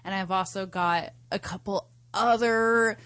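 A woman's voice: medium pitch, steady tone, unhurried, fairly bright tone, clear, resonant tone, no echo. A woman co-hosting a podcast, talking bluntly and crudely in a casual chat. Her voice is recorded dry and close. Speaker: podcast co-host.

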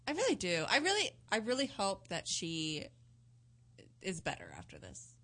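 A woman's voice: mid-range voice, wildly swooping pitch, normal speed, bright, forceful tone. Bluntly teasing woman co-host. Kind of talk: casual chat.

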